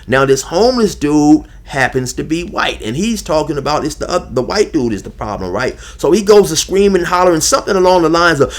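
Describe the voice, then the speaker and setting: A man's voice: on the high side, very animated, fairly quick, hardly any pauses. An older man with grandchildren telling a personal story to his viewers in a casual, emphatic, conversational way, speaking to them directly.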